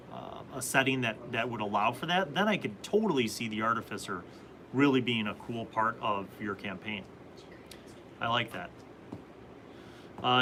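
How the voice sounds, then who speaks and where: A man's voice: mid-range voice, sharp tone, a little hiss or hum, poor audio. A man hosting a casual live stream, reading viewer comments and rambling through answers about tabletop games.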